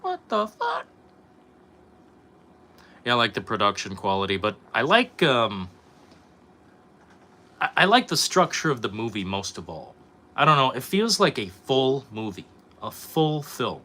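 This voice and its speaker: A man's voice: medium pitch, sing-song, normal speed, sharp tone. A young man streaming, chatting casually with his viewers, rambling and swearing a lot. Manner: profane, rambling, reacting to chat. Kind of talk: casual live-stream chat.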